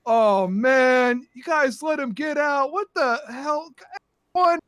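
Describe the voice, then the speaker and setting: A man voicing a frazzled young male tavern steward who yells in exasperation. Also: very high-pitched, slow, no room sound, studio quality, pitched above the performer's own voice, full character voice. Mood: exasperated. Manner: exasperated yelling.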